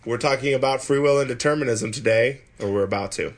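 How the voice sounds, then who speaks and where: A man's voice: medium pitch, fast talker. A man hosting a podcast in casual chat, rambling and self-mocking, often stumbling and restarting. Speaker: podcast host.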